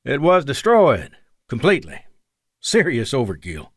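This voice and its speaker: A man voicing a gruff, vengeful male Air Force colonel with an East Texas drawl, speaking in urgent, clipped commands. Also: medium pitch, huge pitch swings, a little slow, dry recording, studio quality, pitched above the performer's own voice, exaggerated voice.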